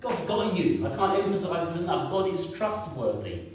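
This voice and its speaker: A man's voice: on the high side, sing-song, normal speed, a little mellow, a little hiss or hum. A man in his fifties preaching a sermon in a conversational way, repeating points and asking the congregation questions. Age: 50s. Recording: echoey room, picked up from a distance.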